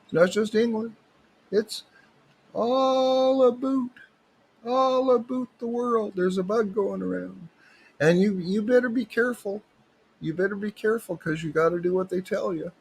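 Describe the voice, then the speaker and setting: A man's voice: measured pace, creaky, breathy edge, heavily acted, low-quality recording. A man putting on a folksy Southern Ontario local. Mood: warning. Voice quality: high, drawling, sing-song. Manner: ominous and folksy. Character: folksy rural Canadian man warning about a bug.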